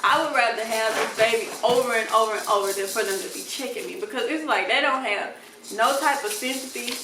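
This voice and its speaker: A young woman telling a casual, animated storytime and acting out the people she quotes. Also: a little high, a little fast, roomy sound, recorded from a distance, noisy background. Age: young adult. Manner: animated, acts out voices in quotes, laughs often. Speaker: vlogger.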